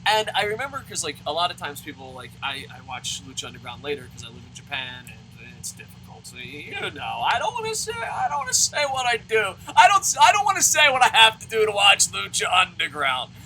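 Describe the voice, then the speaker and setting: Excitable, swearing man ranting about wrestling. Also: fairly high pitch, a little fast, few pauses, a little hiss or hum, rough recording. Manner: excitable, swears constantly, sarcastic, repeats and restarts. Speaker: wrestling show reviewer. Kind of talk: casual profane rant to camera.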